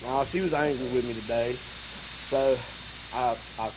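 A man's voice: medium pitch, measured pace. A man, a musician guest on a live radio show, telling folksy stories and joking around. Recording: hissy broadcast recording.

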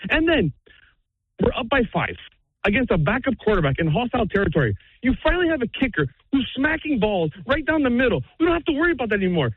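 A man rants down a tinny phone line, words tumbling out fast in an exasperated rush. His voice sits high, swings wildly up and down, and has a husky edge. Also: sing-song, dry recording. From Canada. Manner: exasperated, rapid-fire ranting. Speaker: caller. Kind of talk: phone-in rant.

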